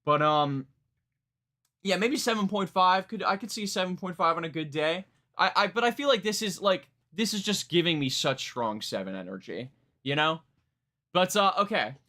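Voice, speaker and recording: Bright-voiced man reviewing music on a live stream. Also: high voice, lively intonation, moderate pace. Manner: rambling, many fillers and restarts, laughs at himself. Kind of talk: live stream reaction chat.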